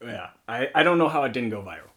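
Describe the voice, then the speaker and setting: A young man co-hosting a sports podcast, telling stories in a relaxed, casual chat. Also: mid-range voice, quick pace. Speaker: podcast co-host.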